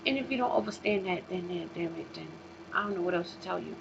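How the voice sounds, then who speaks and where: A woman hosting her own vlog, ranting in a profane, emphatic way, swinging from loud outbursts to low mutters. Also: quick pace, creaky. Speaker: vlog host. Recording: dull lo-fi recording with faint noise.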